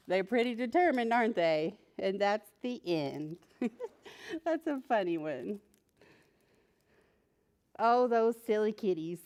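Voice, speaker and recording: Librarian lady doing preschool story time, slow and super bouncy, keeps chatting to the characters. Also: on the high side. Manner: animated and playful, talks to the characters, laughs often. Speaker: children's librarian. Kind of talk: reading a picture book aloud to preschoolers.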